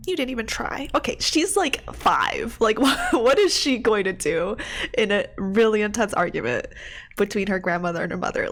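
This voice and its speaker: A woman streamer giving casual, emotional gameplay commentary, gushing and laughing often. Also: on the high side. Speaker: let's play streamer.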